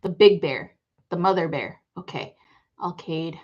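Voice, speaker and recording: A woman's voice: lowish voice, a little slow, darkish tone, slightly rough, muffled recording. A woman hosting a live psychic reading stream, telling rambling stories in casual chat, laughing often and swearing freely.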